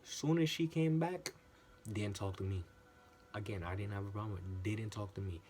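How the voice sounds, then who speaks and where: A man telling a workplace story in a casual, animated monologue, often repeating himself for emphasis and swearing. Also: on the low side, moderate pace, slight background noise. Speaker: channel host.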